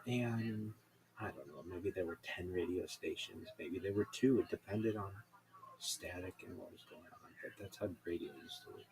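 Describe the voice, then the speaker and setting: A man's voice: low voice, moderate pace, background noise. A man telling offhand stories in a casual, rambling way, now and then swearing.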